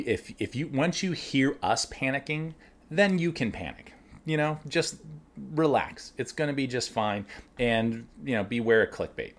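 A middle-aged man with a fairly low voice hosts his own show. He speaks as a working winemaker in an easy, animated, folksy monologue. His pitch and energy swing up and down as he makes his points. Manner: animated, conversational, folksy with sports metaphors. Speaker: winemaker and podcast host. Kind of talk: casual monologue.

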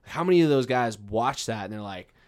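A man's voice: mid-range voice, expressive, a little fast, a little mellow. A man, a comedian, in a casual podcast chat, reasoning aloud in rambling sentences that keep restarting. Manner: thoughtful, rambling with restarts, "I was about to say".

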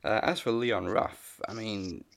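A man with a fairly low voice recaps wrestling matches in a casual chat. His delivery is dry, and he laughs easily at his co-host's rants. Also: measured pace, vocal fry. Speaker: wrestling podcast co-host.

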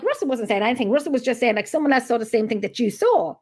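Chatty Irish woman, fairly high voice. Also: racing, slightly rough. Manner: chatty storyteller, animated retelling. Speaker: host. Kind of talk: casual chat.

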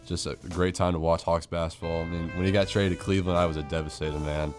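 A man's voice: low voice, little pitch movement, quick pace, over music. A young man co-hosting a sports radio show, chatting casually with his partner. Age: young adult. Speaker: radio co-host. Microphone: studio microphone.

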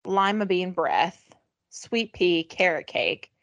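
Woman podcast co-host: casual, profane, laughs often, very animated delivery, dead-dry booth sound. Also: lowish voice, slow, no room sound. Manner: profane, giggly, reads list items aloud with mock disgust. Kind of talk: casual comedic chat.

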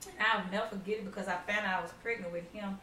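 A woman's voice: mid-range voice, fairly even intonation, rapid-fire, pushed and bright. A middle-aged woman, telling family stories in a casual chat. She acts out the quotes and laughs often. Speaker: mother telling her story. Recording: roomy, far from the mic, faint noise.

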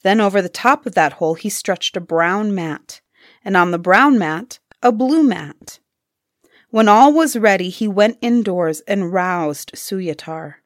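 A woman reading a fairy tale aloud in a deliberate, expressive manner. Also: fairly low pitch, dry recording, clean studio sound. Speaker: storyteller. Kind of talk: storybook reading.

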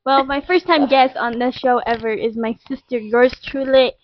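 A young woman with a fairly high voice hosts a relaxed podcast from a basement couch. She talks in a chatty, giggly way, full of "um" and "like". The sound is dull and lo-fi, dry and close. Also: normal speed, dry recording. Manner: chatty, giggly, many fillers like "um" and "like". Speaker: podcast host. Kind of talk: casual chat.

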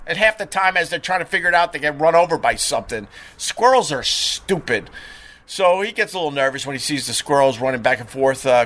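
A middle-aged man with a bright, forceful voice pitched a bit high, hosting a live stream. He tells chatty, rambling anecdotes, full of "uh"s and restarts. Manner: chatty, animated anecdotes with frequent fillers and restarts. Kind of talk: casual rambling storytelling.

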